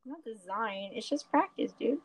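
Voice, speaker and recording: Sassy teenage girl, slightly high voice. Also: expressive, moderate pace. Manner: blunt, sassy teasing. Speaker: guest. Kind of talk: casual chat.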